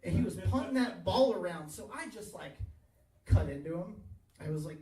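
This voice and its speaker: A stand-up comedian in his 30s, with a fairly high, warm voice, does a crude, self-deprecating set for a small live audience on a tavern stage, chuckling at his own lines. His delivery is animated, loose and off the cuff at a moderate pace. He sounds echoey and a bit distant, as if picked up from across the bar, with slight background noise.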